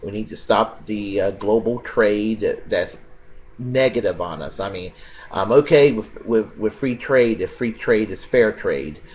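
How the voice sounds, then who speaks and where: Rambling American man, slightly muffled. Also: fairly low pitch. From United States. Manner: rambling and halting, many fillers and restarts, blunt with profanity. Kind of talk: unscripted political monologue.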